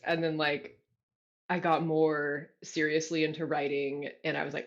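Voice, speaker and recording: A guest author from California telling stories in a casual interview, animated and self-deprecating, laughing often, on a video call. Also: mid-range voice, a little slow. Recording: dull lo-fi audio.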